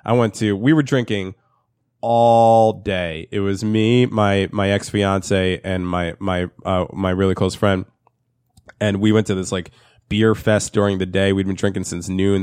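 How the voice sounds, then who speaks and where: Male host, low register, dry sound; profane, rambling storyteller. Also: darkish tone, clean tone, dry recording. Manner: profane, rambling, laughs often. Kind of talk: casual chat.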